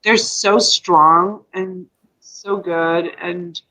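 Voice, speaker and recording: A woman's voice: on the low side, steady tone, extremely slow, pushed and bright, rough recording. A woman hosting a casual live stream, emotional and tearful, rambling and reading out viewer comments.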